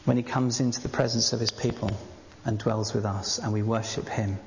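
A man's voice: medium pitch, fairly even intonation, a little fast. Man preaching in a reverberant hall. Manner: earnest, exhorting. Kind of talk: sermon. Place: church. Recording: reverberant church hall, dull faint hiss.

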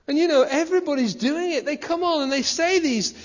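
Man, preacher, high voice, chatty sermon, long hall reverb, dull lo-fi sound. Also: a little fast, few pauses. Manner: conversational, with rhetorical questions.

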